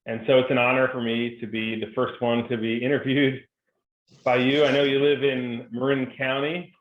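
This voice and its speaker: A man's voice: medium pitch, little pitch movement, normal speed. Man on a tinny, roomy video call. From New Jersey. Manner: joking storyteller, upbeat and chatty. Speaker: guest speaker. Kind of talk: conversational interview.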